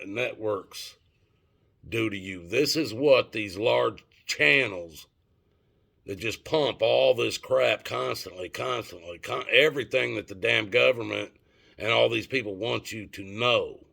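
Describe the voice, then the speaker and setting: A man's voice: on the low side, unhurried, vocal fry, a bit bright. A middle-aged man telling a story and ranting to his viewers in a rambling, profane, casual way. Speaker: vlogger.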